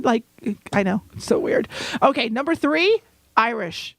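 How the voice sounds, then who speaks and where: Teasing woman co-host, slightly high voice, dry close mic. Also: expressive, normal speed, dry recording. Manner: playful, teasing, laughs often. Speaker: podcast co-host. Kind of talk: casual chat.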